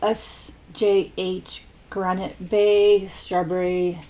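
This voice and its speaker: A woman's voice: mid-range voice, level tone, extremely slow, warm tone. A woman hosting a food channel, chatting casually and reading out viewer names and comments, with lots of fillers and restarts. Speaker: mukbang host. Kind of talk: casual chat reading viewer shout-outs.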